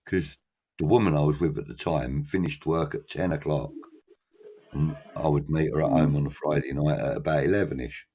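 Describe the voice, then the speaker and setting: A man's voice: rumbling low, normal speed, warm tone, a little hiss or hum. A man, middle-aged, telling a long story in casual chat, acting out voices and swearing freely.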